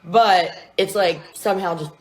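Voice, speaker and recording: Tired, teasing female co-host; lower-pitched voice, blunt delivery. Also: a little slow, a crowd in the background. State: tired and yawning. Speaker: co-host reviewing a viewer's ranked list. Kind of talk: casual chat.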